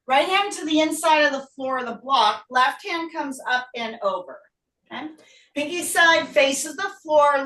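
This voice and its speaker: A woman's voice: high voice, pushed and bright. A woman teaching a live online yoga class while doing the poses herself, giving short breathing and pose cues and sounding out of breath. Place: home room. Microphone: video call. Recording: echoey room, voice from far off.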